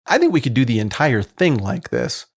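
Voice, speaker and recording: A man co-hosting a podcast in casual chat, answering with teasing jokes and quick questions. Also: mid-range voice, wildly swooping pitch, slightly rough, no room sound, studio quality. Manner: joking, teasing quips. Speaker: podcast co-host.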